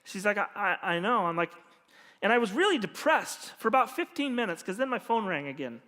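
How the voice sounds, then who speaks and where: A man's voice: sits high, big pitch swings, fairly quick, pushed and bright. A male pastor preaching a sermon, telling stories animatedly and acting out the dialogue. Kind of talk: sermon with storytelling. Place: church sanctuary. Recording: long hall reverb with faint music.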